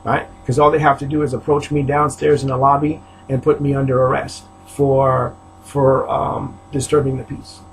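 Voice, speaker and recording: A man's voice: medium pitch, flat delivery, moderate pace, few pauses, slight background noise, poor audio. A man from Haiti ranting to camera in his apartment, aggrieved and repetitive, often rising into outbursts. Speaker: preacher. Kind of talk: agitated video rant. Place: apartment, indoors.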